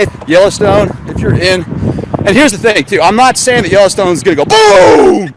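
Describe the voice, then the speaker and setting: A conspiracy vlogger livestreams from his car while driving, rambling casually and firing off sarcastic rhetorical questions. His high voice has big pitch swings at a moderate pace, and the rough recording has a little hiss or hum.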